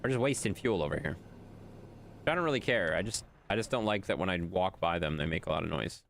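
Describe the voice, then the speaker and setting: A man with a fairly low voice and a lively, swooping delivery talks his way through a game stream. He banters with viewers, tells them off in mock exasperation, and narrates what he is doing in loose, casual talk. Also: brisk, gravelly, slight background noise. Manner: bantering, scolds and teases chat. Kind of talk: casual live-stream commentary while playing.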